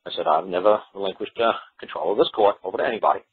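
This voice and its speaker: A man with a very husky, low voice speaks fast as he recounts a court story, playing out both sides of the exchange. He repeats and restarts phrases as he goes. The sound is thin and tinny, like a phone call carried over radio. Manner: quotes courtroom exchanges in animated back-and-forth; repeats himself with frequent restarts. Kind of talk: storytelling monologue.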